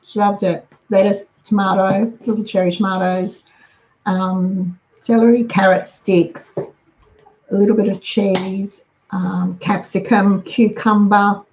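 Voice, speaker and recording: Woman, middle-aged, chatty how-to host, gravelly voice, dull lo-fi sound. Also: medium pitch, level tone, slow, darkish tone, a little hiss or hum. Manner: chatty, practical, runs through lists. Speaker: host giving lunchbox tips. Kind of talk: casual how-to talk.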